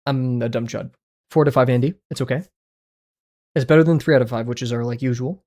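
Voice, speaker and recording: Guy streaming and playing web games, chatty, yelps out loud at stuff, mutters under his breath, middle pitched voice. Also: steady tone, fairly quick. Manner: chatty, reacting aloud with sudden yelps and mumbled asides. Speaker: art livestreamer. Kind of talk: casual livestream chat playing daily web games.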